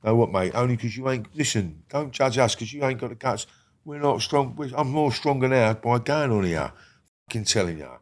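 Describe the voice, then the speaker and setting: A middle-aged man, a guest in a casual podcast interview, talking bluntly with lots of swearing and often dropping to a quiet murmur. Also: animated, fairly quick. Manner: blunt and heavy on swearing, drops to a low murmur.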